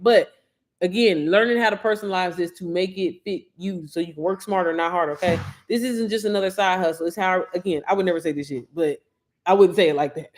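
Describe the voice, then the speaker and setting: Woman host, casual livestream coach, chatty and slangy, speaks to the audience, lively swings in pitch and volume. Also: slight background noise. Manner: chatty, slangy, addresses viewers directly. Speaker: online business coach.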